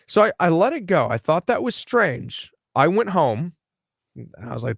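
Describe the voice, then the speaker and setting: A man's voice: a little high, big pitch swings, normal speed, vocal fry, dry recording, clean studio sound. A man speaking as a life coach guest on a podcast, telling a personal story and acting out the dialogue in it.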